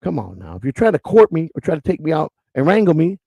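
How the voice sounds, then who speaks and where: A man's voice: a little high, very animated, fast talker, gravelly, dark tone, husky, dry recording. A man chatting casually on a livestream, rambling and repeating himself as he teases viewers who send super chats.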